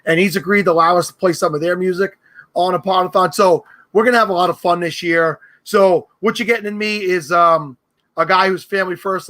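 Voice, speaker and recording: A man with a New York accent talks in casual, joking podcast chat as a guest. His voice sits a bit high, and he teases the hosts freely. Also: fairly bright tone. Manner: joking, teasing, self-promoting.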